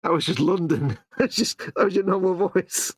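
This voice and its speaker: A man's voice: high-pitched, normal speed, no room sound. A middle-aged man co-hosting a live hobby stream, teasing his partner and reading out viewer comments. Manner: teasing, jokey. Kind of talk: casual banter.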